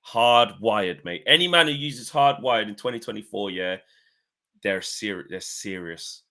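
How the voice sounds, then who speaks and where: A man's voice: fairly low pitch, a little slow, pushed and bright. A man in his thirties co-hosting a casual chat show, bantering and calling his co-host "mate". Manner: chatty, banter-heavy, repeats "mate".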